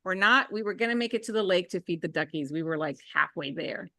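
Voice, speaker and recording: A woman in her thirties or forties, a podcast co-host, chatting casually and telling a story with lively, acted-out dialogue. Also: fairly quick, no room sound. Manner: animated storyteller, acts out dialogue in a higher voice.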